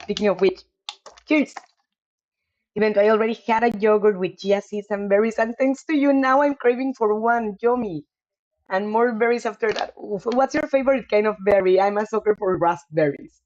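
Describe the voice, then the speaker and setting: Woman host of a live game stream, chatty and giggly, mid-pitched, dull lo-fi mic. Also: normal speed, a little mellow. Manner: chatty, apologetic, laughs often. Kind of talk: casual live-stream chat.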